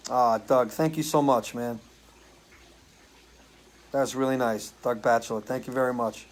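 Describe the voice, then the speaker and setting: A man's voice: mid-range voice, steady tone, measured pace, poor audio. A man who sings and hosts a live stream, chatting loosely with viewers, answering their comments and swearing casually. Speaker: singer hosting a live stream.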